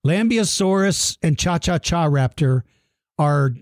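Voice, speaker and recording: A playful, animated man hosts a podcast for young dinosaur fans, with a fairly high voice. He reads out listener messages and teases the kids in a mock gruff way. The sound is dry and close. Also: slow, no room sound. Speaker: podcast host. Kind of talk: casual shout-outs to young listeners.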